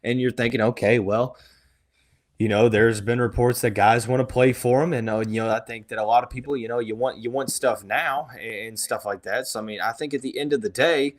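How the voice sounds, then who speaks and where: A man hosting a sports podcast, talking in a relaxed, reassuring way with many fillers. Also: medium pitch, brisk. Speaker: podcast host. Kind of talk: casual sports talk.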